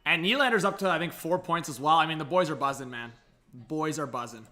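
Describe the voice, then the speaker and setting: A man reacts live to a hockey game for his stream audience, excitable and fired up. His voice sits high and sounds bright and forceful. He keeps speaking straight to the viewers in his chat. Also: fairly quick, faint music behind. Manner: excitable, hyped, addresses the chat directly.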